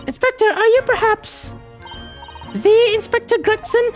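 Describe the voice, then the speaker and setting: A woman's voice: very high voice, lively intonation, measured pace, faint music behind, pitched above the performer's own voice. A woman voicing a polite young Japanese woman, a cheerful legal assistant who speaks in formal, courteous phrases in a game playthrough. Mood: eager.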